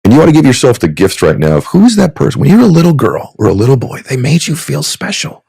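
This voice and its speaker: A man in his fifties speaks as a podcast guest with a gravelly, slightly husky voice. His pitch swings widely as he tells heartfelt stories in an earnest, sermon-like manner, and the sound is close and dry. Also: very animated, fast, dark tone, no room sound. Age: 50s. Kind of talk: heartfelt storytelling.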